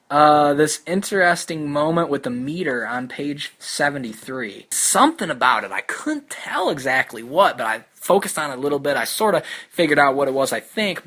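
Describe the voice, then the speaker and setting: A young man talks through poems in a loose, thoughtful way, full of fillers and restarts. His voice is bright and clear, and he slows down to read lines aloud. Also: fairly high pitch, big pitch swings. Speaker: podcast host discussing poetry. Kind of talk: casual spoken commentary with poetry readings.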